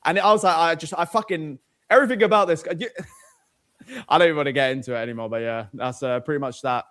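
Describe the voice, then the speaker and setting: A young British man co-hosting a casual chat, animated and profane, laughing often. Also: a little high, quick pace. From United Kingdom. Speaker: co-host.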